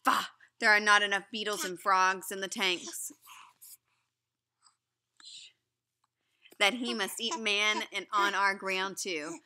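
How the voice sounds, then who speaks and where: A woman's voice: mid-range voice, fairly even intonation, measured pace. An indignant father wolf, read by a woman. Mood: scornful. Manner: indignant, forceful. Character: proud angry male wolf, a father.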